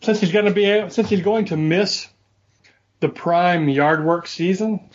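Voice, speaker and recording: A man's voice: high voice, measured pace. Wry man telling a story. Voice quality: dry, wry humor. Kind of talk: casual storytelling chat. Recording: dull lo-fi audio.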